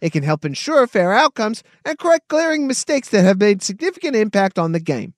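A male radio co-host reading an AI chatbot's answers aloud in a formal, flat manner, recorded on a dry studio mic. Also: high voice, brisk, dry recording. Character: man doing an AI chatbot voice. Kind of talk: comedic radio sports talk.

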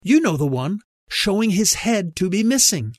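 Audiobook figure: man reading a brisk German woman digger, higher voice, dry read. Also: big pitch swings, dry recording. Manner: brisk, pointed, teasing. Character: German woman archaeologist, confident and direct.

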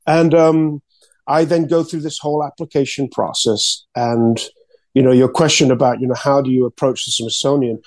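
A man, an artist and author, telling his story as an interview guest, excitedly repeating words and acting out quotes. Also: medium pitch, moderate pace, no room sound.

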